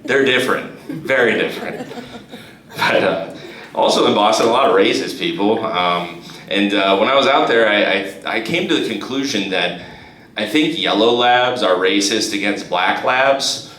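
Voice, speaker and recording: Young man doing halting stand-up. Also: on the low side, a bit bright, slight background noise. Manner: halting, many restarts and fillers. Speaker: stand-up comedian. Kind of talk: live stand-up set. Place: comedy club stage. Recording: roomy live club recording with crowd. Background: audience laughter.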